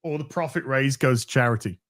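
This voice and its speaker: A man's voice: mid-range voice, fairly quick, fairly bright tone. A man with a Yorkshire accent, co-hosting a casual podcast, rambling, sweary and joking. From Yorkshire, England. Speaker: co-host.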